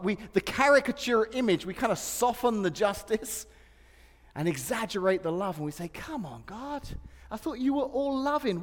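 A man with a high voice preaches to a congregation, mixing light personal stories into the sermon. He laughs often between lines. His voice rings out with a long reverb in a large church hall. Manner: humorous storytelling, laughs often. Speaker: pastor.

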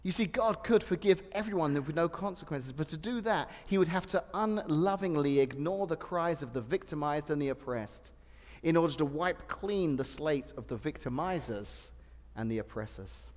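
A pastor preaching a sermon, telling humorous personal stories and laughing often. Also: male voice, fairly high pitch, lively intonation, normal speed, a little mellow. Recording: long hall reverb.

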